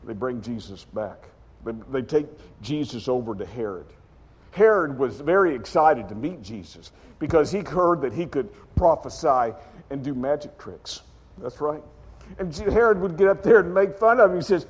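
A man preaching a sermon as a dramatic story, acting out the characters with sudden loud outbursts. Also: on the high side, expressive, moderate pace, slightly rough, big-room sound.

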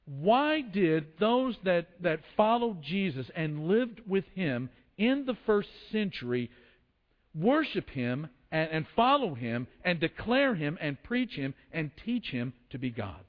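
A man's voice: high voice, big pitch swings, takes it slowly. Man, sermon, storytelling preacher, long echoing hall. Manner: storytelling with acted quotes and restarts. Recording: dull lo-fi sound in a long-reverb hall.

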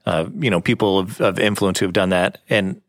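A man's voice: sits low, a little fast, no room sound, clean studio sound. A man co-hosting a faith talk, speaking earnestly and reflectively with many ums. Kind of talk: casual conversational preaching.

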